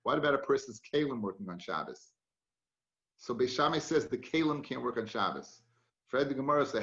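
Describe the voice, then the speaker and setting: Chatty rabbi teaching a Talmud class. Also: male voice, mid-range voice, lively intonation, fairly quick, fairly bright tone, roomy sound, lo-fi sound. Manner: chatty, storytelling, mixes Hebrew and Yiddish terms.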